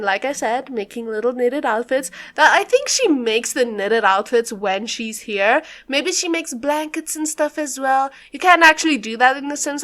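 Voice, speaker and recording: Young woman, high voice, casual voiceover, rambling, giggly, filler words. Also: fairly bright tone. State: a bit out of breath. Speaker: YouTuber doing a game build voiceover.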